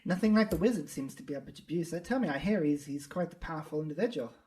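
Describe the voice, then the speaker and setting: A woman voicing a polite, gentle old male dwarf cleric who speaks softly. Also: low-pitched, lively intonation, rapid-fire. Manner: soft-spoken, courteous.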